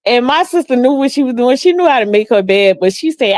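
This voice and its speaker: Animated woman host telling stories. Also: a little fast, few pauses, dry recording, studio quality. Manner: animated, laughs often, acts out quotes in high voice. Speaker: livestream host reading chat comments. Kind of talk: casual storytelling chat.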